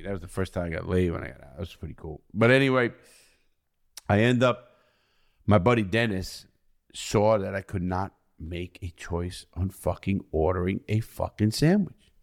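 A middle-aged man from the United States, a podcast guest telling blunt, profane stories that swing between loud outbursts and quiet low asides. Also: brisk, gravelly. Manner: profane, blunt, swears constantly. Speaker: podcast guest, ex-convict speaker. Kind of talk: candid storytelling in conversation.

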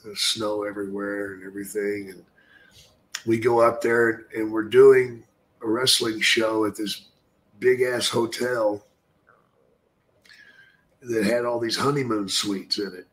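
An older man talks slowly and unhurriedly, taking his time over each line. He is blunt and profane, and he chuckles often as he tells stories in a casual podcast chat. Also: on the low side, steady tone. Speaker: podcast guest, retired wrestler.

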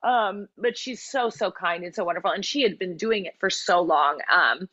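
A woman's voice: on the low side, normal speed, bright, forceful tone, dry recording, lo-fi sound. A woman, a musical theatre actress, chatting as a guest in an interview with lots of fillers and restarts. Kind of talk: casual interview chat.

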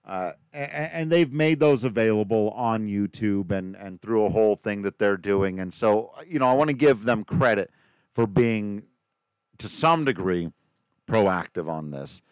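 Smooth-voiced, chatty male podcast host. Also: lowish voice, animated, unhurried, no room sound. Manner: chatty, joking, self-deprecating. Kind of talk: casual podcast chat with ad read.

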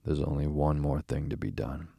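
Give me a grave old badger in a sleepy bedtime storybook, read by a man, very deep and gravelly, dark and husky, close and dry. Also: completely flat delivery, dry recording, full character voice. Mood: solemn. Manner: grave, measured scolding. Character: stern, solemn old male badger. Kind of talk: soothing bedtime storybook reading.

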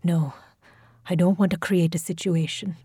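A woman reading the lines of a tense, quick-tempered male school official in an audio drama, speaking clipped and defensive. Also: high voice, fairly even intonation, mellow, slightly rough, no room sound, clean studio sound. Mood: grim.

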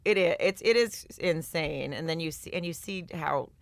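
A woman co-hosting a podcast in casual chat, wry and quick with questions. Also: sits low, vocal fry. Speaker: podcast co-host.

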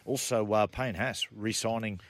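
A man's voice: on the low side, steady tone, moderate pace. A man hosting a casual sports chat show, laid-back and easygoing. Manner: laid-back, many fillers. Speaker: radio show host.

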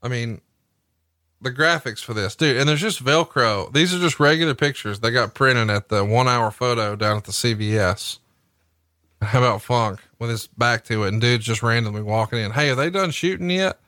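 A man's voice: mid-range voice, steady tone, moderate pace, sharp tone, dry recording. A man co-hosting a podcast, trading jokes in casual chat and reading an ad in a brash, wisecracking way. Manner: brash, joking ad read. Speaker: podcast co-host.

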